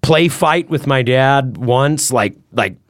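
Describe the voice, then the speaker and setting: A man's voice: medium pitch, slow, no room sound, studio quality. A man in a casual podcast chat, telling loose, profane stories that lean on filler words. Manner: rambling storyteller, loose and profane, acts out voices in quotes.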